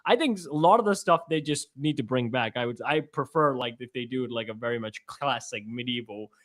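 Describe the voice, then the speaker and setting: A man co-hosting a casual chat, talking in a rambling, animated way and laughing often. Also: mid-range voice, fairly quick. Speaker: podcast co-host.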